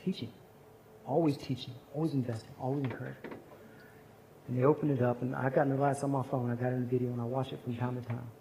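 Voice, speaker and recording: A man's voice: medium pitch, flat delivery, quick pace, gravelly, dark tone, slight background noise. A man speaking at a chapel service, telling a personal story in an earnest, conversational sermon.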